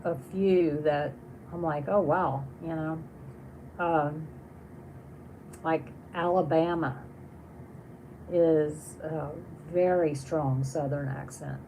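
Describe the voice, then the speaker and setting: A woman's voice: fairly low pitch, dark tone, a little hiss or hum, poor audio. A woman hosting a casual livestream, reading viewer comments aloud and chatting on in a rambling way with many restarts. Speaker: livestream host.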